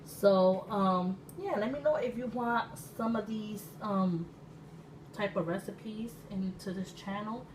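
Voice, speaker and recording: A woman from Puerto Rico in her thirties, an excitable, chatty cooking-channel host with sudden loud exclamations and laughter, talking casually in her home kitchen. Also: mid-range voice, takes it slowly. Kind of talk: casual cooking vlog chat. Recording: distant mic with room noise.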